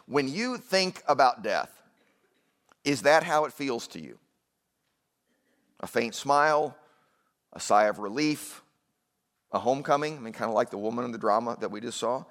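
A man's voice: medium pitch, expressive, normal speed, long pauses, fairly bright tone. A man preaching a sermon in a conversational way, with asides and questions to the congregation. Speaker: pastor.

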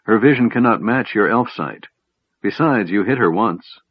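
A man's voice: on the low side, expressive, normal speed, husky, no echo. A man doing a stiff, proud knight. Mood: stern. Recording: dull, lo-fi, dry sound.

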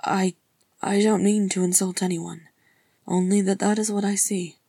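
A woman voicing an elderly male hobbit with a cracked, wavering voice, gentle and wistful, in a storybook reading. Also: mid-range voice, fairly even intonation, moderate pace, vocal fry, husky, no echo, pitched above the performer's own voice.

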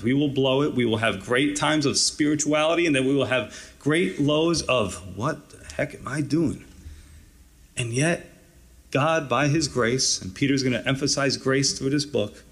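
A pastor preaching a conversational, encouraging sermon, often adding "you know" and "right". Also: male voice, medium pitch.

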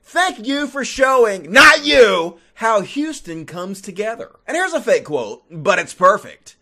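Dude with a really high lively voice ranting and cussing, mocking comedy. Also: male voice, a little slow, few pauses. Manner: profane, mocking, animated, often shouting. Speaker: comedic commentator. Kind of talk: profane comedic rant commentary.

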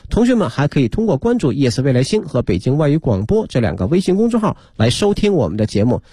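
A man hosting a radio show, giving a brisk closing announcement. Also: mid-range voice, very animated, dark tone, husky, no echo, studio quality. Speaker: radio host.

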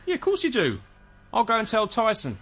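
A man's voice: high-pitched, wildly swooping pitch, fairly quick, a bit bright, breathy edge, heavily acted. An actor playing a callous, sarcastic husband who bosses his wife around. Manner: sarcastic, bossy, flippant. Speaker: son-in-law Blake. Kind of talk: radio comedy drama.

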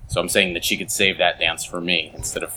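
A man co-hosting a comedy podcast, deadpan and halting, with plenty of pauses. His voice is bright and forward. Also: low-pitched, a little hiss or hum. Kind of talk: casual comedic chat.

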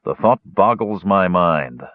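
A man's voice: sits low, expressive, slow, no room sound. A man voicing a stubborn older male dwarf leader in an audiobook, blunt and determined. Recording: dull, dry lo-fi recording.

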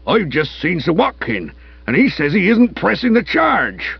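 Guy doing a grumpy constable, gruff and slow, kinda muffled and dry. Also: high-pitched, huge pitch swings, no room sound, voice pushed up, heavily acted. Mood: morose. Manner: gruff, sour, slow and grumbling. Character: gruff, morose village constable, a grown man.

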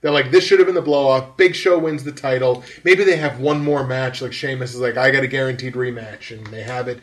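A man's voice: medium pitch, brisk. A man hosting a podcast, giving a rambling, filler-heavy breakdown in casual chat. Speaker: podcast host.

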